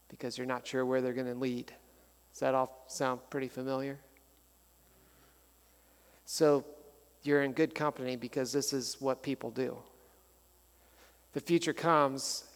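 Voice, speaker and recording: A middle-aged man preaching a sermon as pastor, conversational and animated, telling stories with touches of humor. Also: medium pitch. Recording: long hall reverb.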